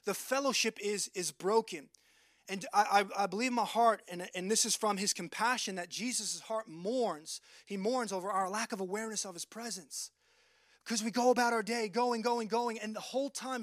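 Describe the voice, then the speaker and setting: A man's voice: high voice, a bit bright, dry recording. A man preaching a sermon, earnest and repeating words as he quotes scripture.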